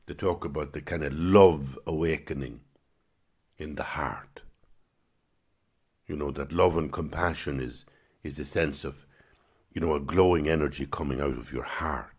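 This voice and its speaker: Male podcast host, reflective spiritual talk, very low husky voice, gravelly edge. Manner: gentle, musing, unhurried.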